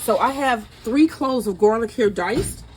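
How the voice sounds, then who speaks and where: This cooking channel host speaks unhurriedly in a fairly high voice, with a little background noise behind her. Filming in her home kitchen, she chats away excitedly, lets out delighted gasps, and keeps sampling as she cooks.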